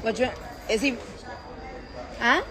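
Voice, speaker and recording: A woman hosts a casual live stream from her phone, chatting loosely and playfully, swearing and trailing off mid-sentence. Her voice is on the high side and slow, with crowd noise behind her.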